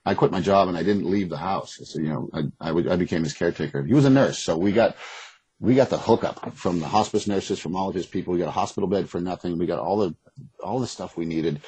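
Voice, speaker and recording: A man's voice: low-pitched, warm tone, breathy edge, no room sound, low-quality recording. A man speaking as a guest in an interview, talking candidly and rambling with restarts. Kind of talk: casual interview conversation. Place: West Coast.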